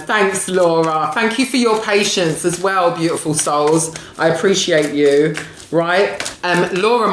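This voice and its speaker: A woman with a fairly low but fairly bright voice leads a live-streamed oracle reading as a spiritual reader and coach. She fondly calls people darling and sweetie, repeatedly asks "right?", and laughs a lot; the room echoes and carries faint background noise.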